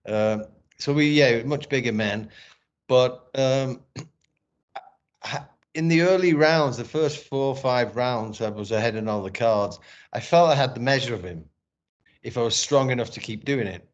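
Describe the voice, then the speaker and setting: A man's voice: medium pitch, measured pace. A middle-aged man telling a personal story in a casual interview, candid and emotional, swearing often. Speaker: podcast guest, former boxer and actor. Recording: dull lo-fi sound.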